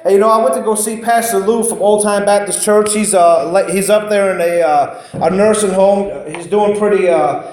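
A man's voice: sits high, fairly even intonation, normal speed, a little mellow. A man preaching an informal sermon, conversational and storytelling, often repeating himself. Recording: very echoey room.

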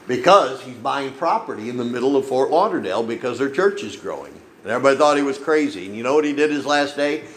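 A man's voice: medium pitch, lively intonation, quick pace, few pauses, fairly bright tone, echoey room, a little hiss or hum, rough recording. A man preaching a sermon in a folksy storytelling way, often checking in with the congregation with "okay?". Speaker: pastor. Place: church.

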